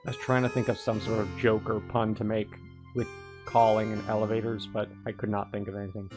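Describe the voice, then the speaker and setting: A man casually commenting on a video game as he plays, joking and animated, often laughing. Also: fairly low pitch, fairly quick. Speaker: gaming channel host. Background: faint game music.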